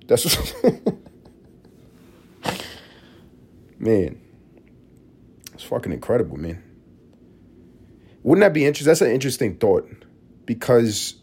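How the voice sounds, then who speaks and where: A man's voice: lowish voice, a little mellow, slightly rough. A man hosting a solo podcast, rambling and swearing freely as he riffs in a casual monologue. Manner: rambling, profane, riffing with restarts. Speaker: podcast host.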